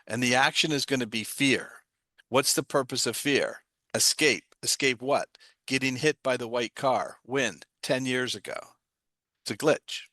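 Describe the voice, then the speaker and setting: A man's voice: mid-range voice, unhurried, pushed and bright, dry recording. A man giving an explanatory talk, asking himself rhetorical questions and answering them. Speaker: guest speaker on trauma. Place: online livestream.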